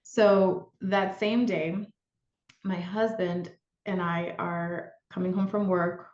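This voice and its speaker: A woman's voice: on the low side, level tone, slow pace, darkish tone. A woman guest on a podcast, telling a personal story in a candid, reflective way, with fillers and restarts. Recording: roomy, dull lo-fi sound.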